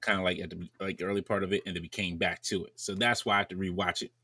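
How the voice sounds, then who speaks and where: A man's voice: deep voice, fairly even intonation, very fast, sharp tone, no echo. A man hosting a casual podcast chat, reading off viewer names in a running list. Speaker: podcast host. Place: at home in bed, wearing headphones.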